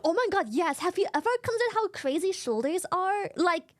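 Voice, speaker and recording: A high-voiced woman chatting casually on a live stream. She rambles in an animated way, giggles often and swears freely. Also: fairly quick.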